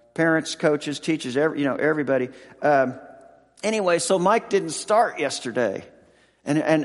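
A man in his sixties, a pastor and football chaplain, preaching a sermon with halting, emotional storytelling and many restarts. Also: fairly high pitch, big-room sound. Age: 60s.

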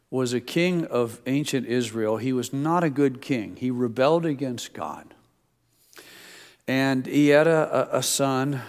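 A middle-aged male pastor giving a sermon, with folksy stories in a conversational preaching manner. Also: medium pitch. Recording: long reverb of a church hall.

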